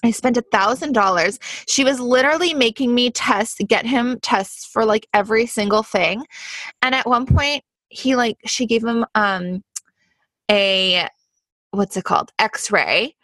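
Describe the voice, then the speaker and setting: A young woman in casual podcast chat, telling stories with plenty of "like" and quick asides. Her voice is bright and forward, recorded close and dry with no room sound. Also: a little high, dry recording. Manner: chatty storytelling, peppered with "like". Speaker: podcast co-host.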